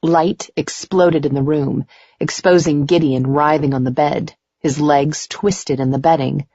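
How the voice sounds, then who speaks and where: A woman narrating a first-person romance audiobook in a slow, intimate way. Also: low voice, steady tone, dark tone, slightly rough, dry recording. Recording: slightly dull lo-fi recording.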